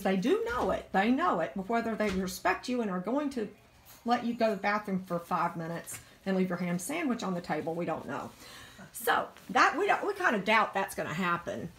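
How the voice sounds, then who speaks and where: Her mid-range voice carries a slight hiss or hum. She is a middle-aged dog breeder from Virginia filming a casual home video on her phone, lavishing a puppy with gushing baby talk.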